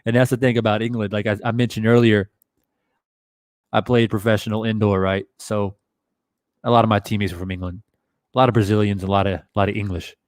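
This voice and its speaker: A man's voice: lowish voice, a little fast, long pauses, no echo, studio quality. A man hosting a live boxing stream, chatting casually with viewers and swearing freely. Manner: casual, profane, animated talker. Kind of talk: live stream commentary reading chat.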